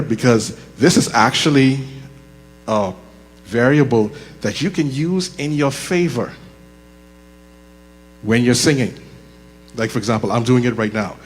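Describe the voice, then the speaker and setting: A man's voice: mid-range voice, slightly rough. Joking man teaching in an echoey hall. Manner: conversational and joking, slows down deliberately. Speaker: leadership course instructor. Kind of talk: live workshop talk. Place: church room with audible echo. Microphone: handheld microphone. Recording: reverberant hall with mains hum.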